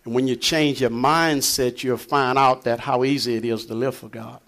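A man's voice: mid-range voice, steady tone, normal speed, fairly bright tone. A man preaching a conversational sermon, reading scripture aloud and explaining it in a folksy way, chuckling often between points.

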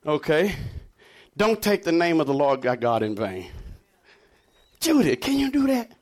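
High, lively voiced man preaching. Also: a little slow. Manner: animated preaching, swinging between low murmurs and high shouts; jokes and laughs with the congregation. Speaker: pastor. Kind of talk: sermon.

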